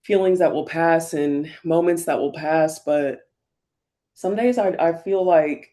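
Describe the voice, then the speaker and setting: A woman's voice: low voice, a little slow. A woman vlogger talking candidly and reflectively while getting ready, often using fillers and sometimes close to tears. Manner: reflective, soft-spoken, many fillers; emotional, near tears at times. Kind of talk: candid get-ready-with-me talk.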